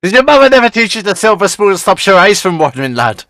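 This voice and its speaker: A man's voice: high voice, very animated, fast, bright, forceful tone, no echo, voice pushed up, heavily acted. A man voicing a crude male pirate ship's cook who keeps calling people laddie. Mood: pushy. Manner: calls everyone laddie, pushy, offers food.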